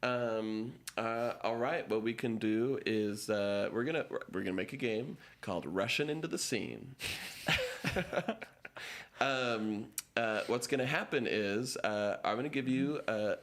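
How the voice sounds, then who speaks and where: A man's voice: fairly low pitch, unhurried. A man hosting a live improv stream, casually explaining the rules of a game with plenty of fillers.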